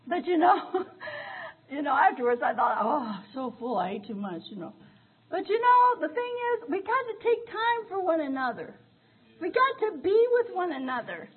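An older woman preaches with fervent, tearful emotion, her voice very high and often crying out. The recording is thin and tinny, as if heard over a phone line. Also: very animated, normal speed. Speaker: minister. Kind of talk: sermon.

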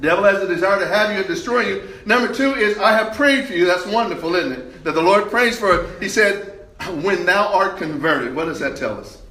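Man, preacher, sermon, high voice, bright tone, emphatic delivery with pauses. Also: lively intonation, echoey room, poor audio.

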